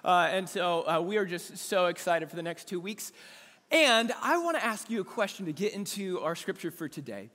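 High, bright, excitable man preaching. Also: normal speed. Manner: excitable, cheering the room into call-and-response. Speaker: pastor. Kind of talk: energetic sermon to a congregation. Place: church sanctuary. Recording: echoey church sanctuary with long reverb.

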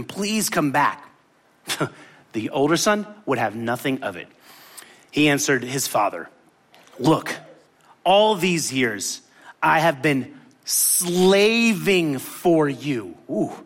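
A man's voice: fairly high pitch, a bit bright. A man preaching a sermon, retelling a parable and acting out the characters' lines with big swings in his voice. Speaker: pastor.

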